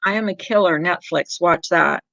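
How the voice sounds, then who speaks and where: A woman's voice: fairly low pitch, normal speed, creaky, bright, forceful tone, no room sound. A middle-aged woman hosting a casual livestream, chatting with viewers in a rambling way and laughing often. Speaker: livestream host. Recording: dull lo-fi sound.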